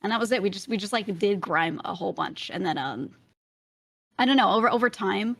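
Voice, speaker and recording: A young woman with a light Brooklyn accent, a streamer telling a long story in casual interview chat, full of fillers and quick laughs. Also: mid-range voice, lively intonation, gravelly, a bit bright, no echo, studio quality. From Brooklyn, New York. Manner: chatty storytelling, often laughing, many fillers. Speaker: streamer and roleplayer, interview guest.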